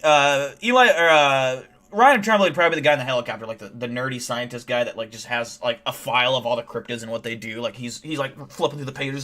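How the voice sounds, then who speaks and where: A man streaming live, telling wild stories in animated, profane, casual chat. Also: mid-range voice, quick pace.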